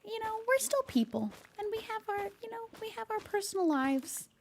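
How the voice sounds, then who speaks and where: A woman's voice: extremely high pitch, sing-song, normal speed, slight background noise. A woman streamer chatting casually with her live viewers, laughing often and talking to her cat between thoughts.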